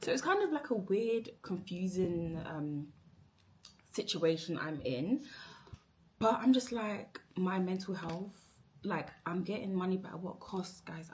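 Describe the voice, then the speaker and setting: A woman's voice: mid-range voice, darkish tone, slight background noise. A young woman venting about her job to camera in a rambling, exasperated way, repeating herself. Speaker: vlogger. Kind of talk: emotional work rant to camera.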